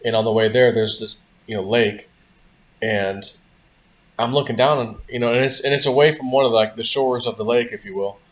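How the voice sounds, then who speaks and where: A male vlog host tells a story in a loose, casual way. His voice sits at an ordinary middle pitch. He rambles, filling the gaps with "you know" and "like". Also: steady tone, brisk.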